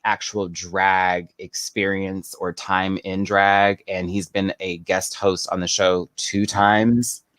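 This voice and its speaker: A man's voice: low-pitched, slow, few pauses, no echo. A man guesting on a podcast, chatting casually and animatedly, acting out quotes while telling stories. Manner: animated storyteller, acts out quotes. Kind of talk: casual chat.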